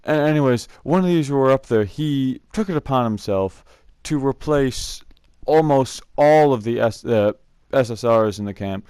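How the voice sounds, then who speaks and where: A man's voice: medium pitch, expressive, normal speed, hardly any pauses, darkish tone, clean tone, no room sound, clean studio sound. A young man casually telling rambling camp stories, laughing often and filling gaps with "uh". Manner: rambling, laughs often, many fillers and restarts. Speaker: scout camp storyteller. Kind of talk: casual storytelling vlog.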